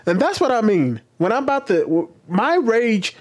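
Animated high-voiced man commenting to camera. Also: normal speed. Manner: animated and passionate, talks with his hands. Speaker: commentary channel host. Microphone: webcam.

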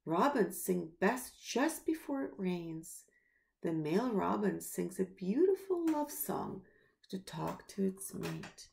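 A woman reading a children's story aloud in a slow, expressive storybook manner. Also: medium pitch, gravelly.

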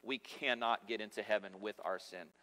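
A man's voice: on the low side, steady tone, normal speed, sharp tone. A man preaching a sermon as pastor, emphatic and conversational with humorous asides. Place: church sanctuary. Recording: long reverb of a church hall.

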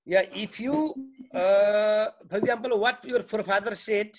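A man's voice: high-pitched, unhurried, highs cut off. Teacher, male, Nepali English accent, repetitive explaining style with frequent "okay?" check-ins. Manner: repeats and restarts phrases, checks in with "okay?". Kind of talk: classroom lecture.

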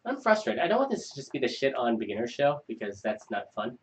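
A man hosting a live screenwriting show, reading a script aloud with quick asides. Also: medium pitch. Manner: animated, quick asides between script lines. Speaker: host reading a viewer script. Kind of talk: live chat critique.

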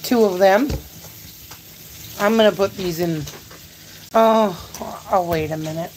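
A woman talks slowly through her grocery haul on a live stream, rambling and chatty as she addresses her viewers. Her pitch sits in a middle range, and a faint hum of noise stays under her voice. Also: darkish tone, poor audio.

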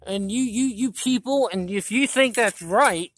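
A woman's voice: mid-range voice, slow, a little hiss or hum. A woman vlogger delivering a blunt, profane political rant, indignant and preachy, with many restarts.

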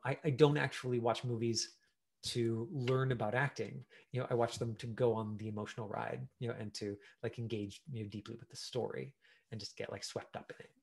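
A man teaching an online acting class, chatty and animated, full of fillers and acted-out examples. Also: mid-range voice, a little fast, creaky. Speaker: acting coach.

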